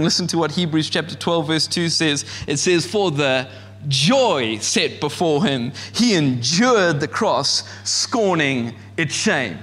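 High, bright-voiced man preaching in a hall. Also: animated, slow. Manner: impassioned, shouts when acting out God's voice. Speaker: pastor. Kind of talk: sermon.

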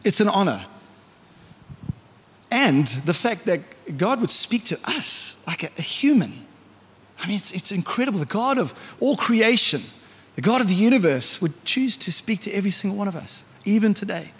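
A man's voice: sits high, big pitch swings, moderate pace, fairly bright tone, breathy edge. A male pastor preaching a conversational sermon in church, often asking the congregation questions. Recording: reverberant church hall.

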